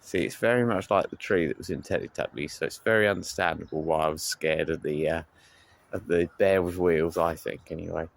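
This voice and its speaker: A man's voice: deep voice, fairly even intonation, brisk, gravelly, low-quality recording. A man vlogging casually, rambling with lots of fillers, speaking into a handheld phone outside on a seaside promenade. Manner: rambling, chatty, full of fillers. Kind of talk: casual vlog chat. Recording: loud outdoor background noise.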